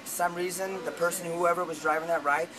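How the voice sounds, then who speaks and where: A man telling a long story in casual, rambling talk, with lots of swearing and animated retellings of what people said. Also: fairly high pitch, brisk, crowd noise, rough recording.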